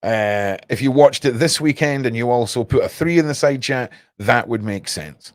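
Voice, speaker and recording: A man's voice: mid-range voice, normal speed, dry recording, studio quality. A young man hosting a livestream, rambling casually and talking straight to his chat viewers. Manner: rambling, cryptic, chats to viewers. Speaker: livestream host.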